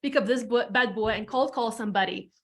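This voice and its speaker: Woman, 30s, Latvian accent, slightly high voice; candid, talkative guest who repeats herself for emphasis. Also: a little fast, a bit bright. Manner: frank and chatty, swears casually, repeats phrases for emphasis. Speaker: podcast guest, real estate team leader. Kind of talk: candid storytelling chat.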